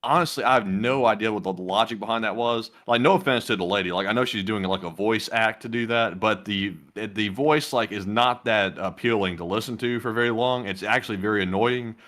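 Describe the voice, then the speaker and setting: A man chats casually, rambling and filling his talk with "like" and "um". His voice is low but bright and sharp. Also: fairly quick, few pauses. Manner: rambling, filler-heavy with "like" and "um". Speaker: co-host. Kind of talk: casual chat.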